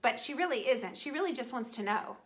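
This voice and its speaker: While painting a piece of furniture, a middle-aged woman keeps up lively, playful chatter with her audience, throwing in teasing remarks to viewers by name. She speaks briskly in a slightly high voice.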